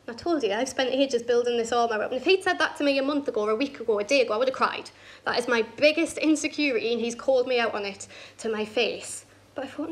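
A young woman tells a story on a comedy club stage, brash and sweary, with punchy asides. Her voice sits high. She speaks into a handheld stage mic. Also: moderate pace, a bit bright, a little hiss or hum. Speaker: stand-up comedian. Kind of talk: stand-up comedy set.

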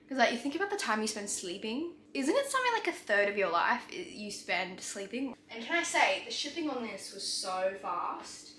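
A young Australian woman chatting casually in a home vlog, bubbly and quick to exclaim. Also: on the high side, bright, forceful tone, reverberant, a little hiss or hum. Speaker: vlogger. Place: room at home.

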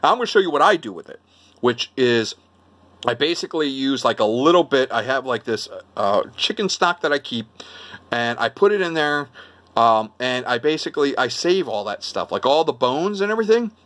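A man's voice: mid-range voice, sing-song, moderate pace, a bit bright. Rambling older man with Brooklyn accent. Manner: rambling, chatty, lots of fillers and self-interruptions. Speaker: vlogger. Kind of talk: casual cooking vlog.

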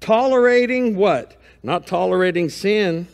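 A man preaching a sermon in a high, bright-toned voice, talking in a folksy, conversational way. He moves between homespun stories and reading scripture aloud. The sound carries a long reverb from a church sanctuary. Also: lively intonation, a little slow. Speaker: pastor.

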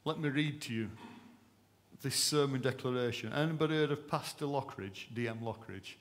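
A man preaching to his congregation. His sermon builds with fervent, rhythmic repetition, and his pitch sits in an ordinary middle register. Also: normal speed. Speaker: pastor. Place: church service.

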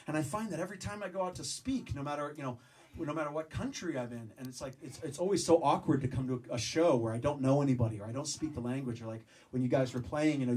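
A man performing spoken word in front of a crowd, his voice fairly high and excitable. He tells stories with swearing and bursts of acted-out shouting. He is picked up from a distance, with noticeable noise under the recording. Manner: animated, profane, acts out voices with shouts. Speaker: speaker at a show. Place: live venue with audience. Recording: distant mic with background noise.

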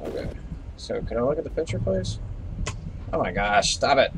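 A man's voice: mid-range voice, very animated, moderate pace, long pauses, a bit bright, a little hiss or hum. A young man giving live commentary on a horror game, jumpy, swearing and scolding the characters on screen. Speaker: let's play gamer.

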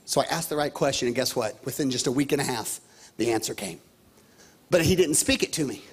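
A pastor in his thirties preaching a lively sermon, repeating himself and calling out to the congregation. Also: mid-range voice, fairly quick, husky. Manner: animated, repetitive, calls out to the congregation.

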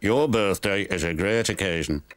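A man voicing a fussy, pompous railway boss in a lowered, measured voice. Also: dry recording, close to an everyday voice.

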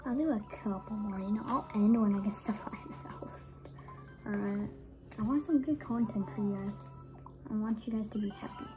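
A young woman giving casual commentary while playing a video game, excitable, muttering to herself and then breaking into frustrated shouts. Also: medium pitch, normal speed, over music. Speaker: gamer streamer.

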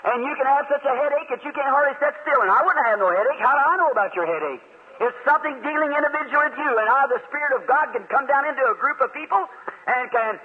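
A man's voice: very high-pitched, slight background noise. A man preaching a sermon, telling stories with quoted back-and-forth dialogue in an emphatic manner. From United States. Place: outdoor amphitheater. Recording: tinny 1950s phone-band recording.

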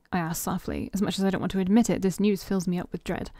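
Woman reading a story game, mellow voice. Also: medium pitch, fast talker, hardly any pauses, no echo, faint music behind. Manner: expressive first-person narration. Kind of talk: reading a visual novel aloud.

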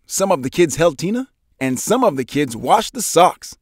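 A man reading a children's picture book aloud in an animated storytelling style, putting on voices for the characters. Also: normal speed, slight background noise. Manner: animated, voices characters with big pitch jumps. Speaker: storybook narrator.

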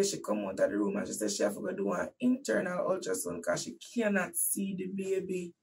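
This host and preacher, a woman with a Jamaican accent and a husky mid-range voice, shares a painful personal story with her listeners through emphatic repetition, shifting from hushed to loud. The low-quality recording was made from a distance.

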